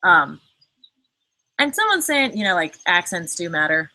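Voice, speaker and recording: Woman host, live chat, bright and cutting voice on the low side, rambling with fillers and casual swearing. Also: big pitch swings, unhurried, no room sound, rough recording. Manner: chatty, fillers, frequent cursing; reads and answers viewer comments. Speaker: livestream host.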